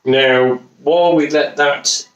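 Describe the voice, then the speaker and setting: A home cooking video host from Wolverhampton talks slowly in a fairly high, fairly even voice with a West Midlands accent. He rambles, jokes and swears now and then while demonstrating a recipe, and the echoey kitchen recording catches him off-mic.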